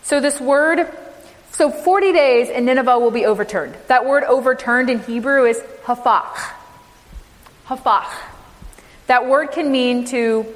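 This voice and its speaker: A woman's voice: high-pitched, moderate pace, big-room sound, poor audio. A woman minister preaching a sermon, emphatic, with rhetorical questions to her congregation.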